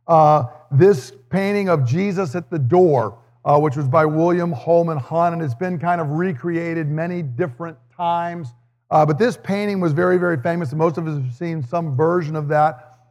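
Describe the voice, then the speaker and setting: A man's voice: fairly high pitch, moderate pace, darkish tone. Earnest male pastor in a reverberant hall. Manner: earnest, explanatory teaching with light humor. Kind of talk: sermon with scripture reading.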